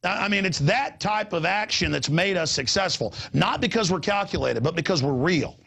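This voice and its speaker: A middle-aged male host with a gravelly, husky voice that sits a bit high for a man. He rambles excitedly, stumbling over and repeating his words as he chats with a guest. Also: moderate pace. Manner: excitable, repeats words, jumps between pitches. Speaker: talk show host. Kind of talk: animated rambling talk-show chat.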